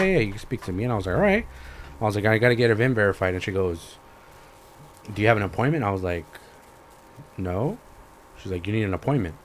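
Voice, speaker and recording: A young man hosting a podcast, telling a story in a profane, animated rant and acting out both sides of the conversations. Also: fairly low pitch, slight background noise. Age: young adult. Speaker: podcast host. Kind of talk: ranting casual storytelling.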